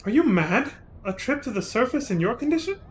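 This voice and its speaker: A man's voice: extremely high pitch, sing-song, brisk, a little hiss or hum, voice pushed up. A man reading the lines of a protective young brother from a game, urgent and pleading. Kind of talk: reading game dialogue aloud.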